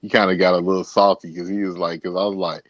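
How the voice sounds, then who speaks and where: A man's voice: sits low, level tone, fast talker, no echo. Laid-back man host on a dull dry mic. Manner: laid-back, laughs easily, hesitant with fillers. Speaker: podcast host. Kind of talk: casual podcast conversation.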